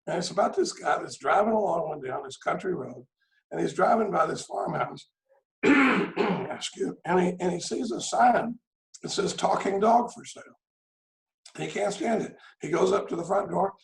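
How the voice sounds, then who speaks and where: A middle-aged man from Texas tells folksy, joking stories at a recovery meeting over a video call. His voice sits high and is deeply gravelly. The sound carries a roomy echo. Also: moderate pace. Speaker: AA meeting speaker.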